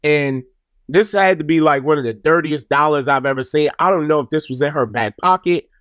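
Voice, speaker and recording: A young man with a somewhat high voice tells a long comic story for his podcast. He swings into exasperated, animated outbursts and swears casually. The sound is close and dry, with no room around it. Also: fairly quick, no room sound. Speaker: podcast host.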